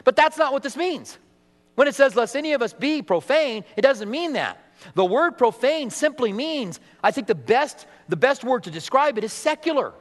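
A middle-aged pastor preaches a sermon in a church sanctuary, his voice rather high for a man. He speaks at a moderate pace with animated delivery, acting out the people he quotes, and a long hall reverb trails his words.

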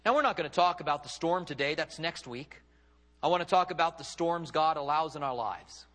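A man's voice: fairly high pitch, expressive, fairly quick, a bit bright. A male pastor preaching a sermon, acting out quotes with big dramatic swings in his voice. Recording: long hall reverb.

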